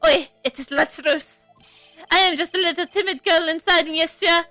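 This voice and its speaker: A woman's voice: very high-pitched, moderate pace, sharp tone, no echo, faint music behind, pitched above the performer's own voice. A woman voicing a flamboyant, self-pitying male chef with fake French-tinged phrasing, reading a game aloud. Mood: coy.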